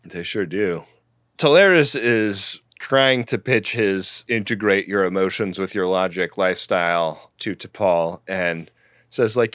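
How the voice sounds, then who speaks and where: A man's voice: sits low, measured pace, a bit bright, dry recording, studio quality. A man co-hosting a casual comedy podcast, making wry asides and laughing along. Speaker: podcast co-host.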